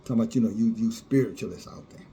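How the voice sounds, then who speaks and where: A man's voice: lowish voice, very fast, dark tone. A man preaching a fiery sermon, scornful and sarcastic, often laughing at those he criticizes.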